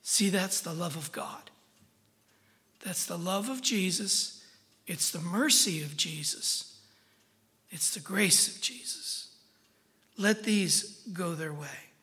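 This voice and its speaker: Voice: mid-range voice, lively intonation, slow, pauses often, sharp tone. A preacher teaching through a Bible passage in a conversational, emphatic way, often checking in with the listeners. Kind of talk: sermon, verse-by-verse Bible teaching. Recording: long hall reverb.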